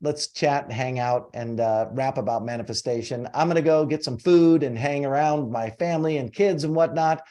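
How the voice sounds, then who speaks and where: Man, forties, coaching call host, energetic, animated storyteller, casual. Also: mid-range voice, moderate pace, hardly any pauses.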